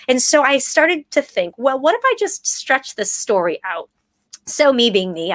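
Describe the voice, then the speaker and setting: An American woman, an actress and playwright in her thirties, telling a story in a casual, animated way and quoting herself and others with lively jumps in pitch. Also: no room sound. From United States.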